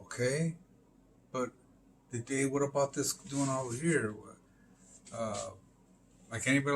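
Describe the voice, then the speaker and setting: Male streamer, middle pitch, loose filler-heavy rambling with curses, light background noise. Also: unhurried, long pauses. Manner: rambling, filler-heavy, swears, emphatic "boom" interjections. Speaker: live stream host. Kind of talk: casual rambling monologue.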